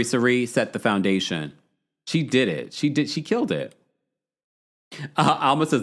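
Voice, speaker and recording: Medium in pitch with a fairly bright tone, this podcast host talks casually on a livestream, reading viewers' comments out loud and ranting bluntly in exasperation.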